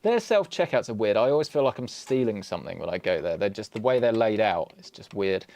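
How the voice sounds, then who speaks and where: A man's voice: fairly low pitch, big pitch swings, fairly quick, a little mellow. A young British man with an English accent hosting a PC build livestream, chatting casually and joking at his own expense as he works. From England. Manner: joking, self-deprecating, chatty asides.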